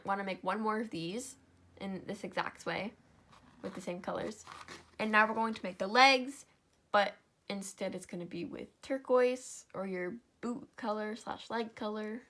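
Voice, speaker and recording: A woman's voice: mid-range voice, a bit bright. A young woman hosting a step-by-step craft tutorial, tired and yawning, apologizing as she talks through each stitch.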